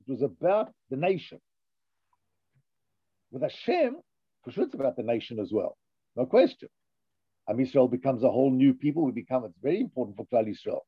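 A man's voice: mid-range voice, creaky, slightly rough, dry recording, highs cut off. A man teaching a conversational Torah class, thinking aloud with restarts and checking in with "yeah?".

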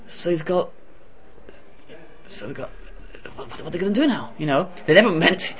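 A man giving a Torah lesson in a lively, conversational storytelling manner. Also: high-pitched, fairly quick, long pauses, breathy edge. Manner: animated, conversational. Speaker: Torah teacher.

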